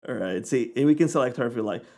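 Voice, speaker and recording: A man hosting a software tutorial, talking in a relaxed, informal way as he clicks through the steps. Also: medium pitch, fast. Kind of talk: casual screen-recording walkthrough.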